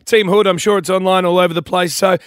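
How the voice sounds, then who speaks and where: Australian male breakfast radio host, brisk matey chat, fairly high voice, dry studio sound. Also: steady tone, fairly bright tone, smooth, no echo.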